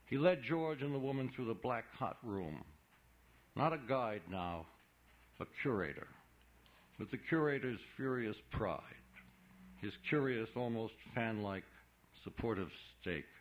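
A man narrating a novel in a measured, deliberate reading. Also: medium pitch, animated, dull audio. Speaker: audiobook narrator. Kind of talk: scripted narration.

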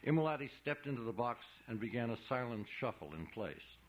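A man narrating a novel in a measured, deliberate reading. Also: medium pitch, expressive, highs cut off. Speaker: audiobook narrator. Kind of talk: scripted narration.

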